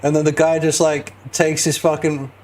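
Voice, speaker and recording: A man streaming his game development, chatting casually, excitable, laughing and swearing a lot. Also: fairly high pitch, normal speed. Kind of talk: casual live-stream chat.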